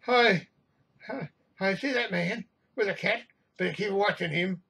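A man's voice: high voice, a little slow, gravelly, bright, forceful tone, husky, far from the mic, exaggerated voice. A man voicing a nervous male flight steward who frets and hesitates. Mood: worried.

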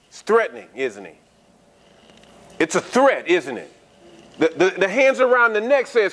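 A man's voice: high voice, big pitch swings, a little slow, long pauses, fairly bright tone. A man preaching a sermon in a conversational style, asking the congregation frequent rhetorical questions and repeating words as he restarts. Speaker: pastor.

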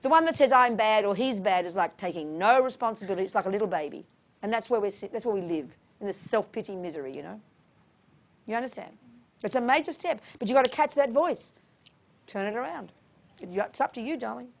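A woman's voice: medium pitch, lively intonation, quick pace, gravelly, a little mellow. A middle-aged woman giving an informal Buddhist talk, frank and emphatic, calling listeners darling and honey. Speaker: Buddhist teacher. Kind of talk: informal dharma talk answering questions.

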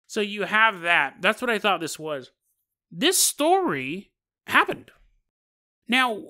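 High bright guy telling a weird story on his podcast, jokey, does little voices. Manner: animated, joking, acts out voices with laughs. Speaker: podcast host. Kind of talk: comedic storytelling.

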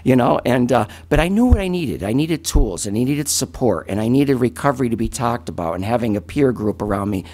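A man in his fifties, a recovery advocate giving earnest, halting public testimony at a county meeting while fighting back emotion. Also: medium pitch, expressive, a little mellow.

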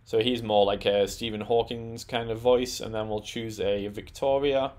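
A man presenting a tech tutorial, talking through settings in a relaxed, explanatory way with frequent "um" and "uh". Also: fairly low pitch, normal speed. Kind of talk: screen-recorded software walkthrough.

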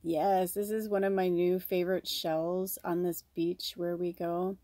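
A woman, a spiritual medium and tarot reader, talking casually to camera in a chatty, giggly, expressive way with many fillers. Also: lowish voice, a little slow, no echo.

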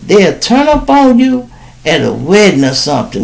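A man's voice: very high-pitched, sing-song, moderate pace, creaky, a little mellow, low-quality recording. A man from Chicago hosting a podcast, giving casual, profane commentary and acting out quoted people in raised voices. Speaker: podcast host.

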